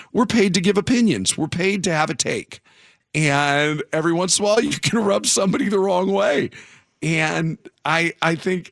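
A man's voice: a little high, fairly bright tone, dry recording, studio quality. A man hosting a morning radio show, telling a news story in a rambling, self-interrupting way.

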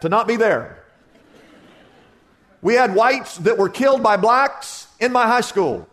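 A man from Kansas, a pastor, preaching a sermon with vivid storytelling that sinks to a hushed tone at key moments. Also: very high-pitched.

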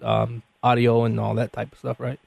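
A man hosting a radio talk show, chatting in an animated way, often repeating words and restarting. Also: medium pitch, normal speed, gravelly, dry recording. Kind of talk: casual radio chat.

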